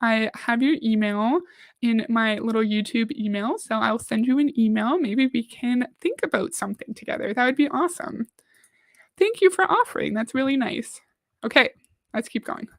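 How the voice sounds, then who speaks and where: A woman's voice: a little high, moderate pace, dry recording. A woman hosting a livestream, chatting casually, reading out viewer comments and reacting to a video.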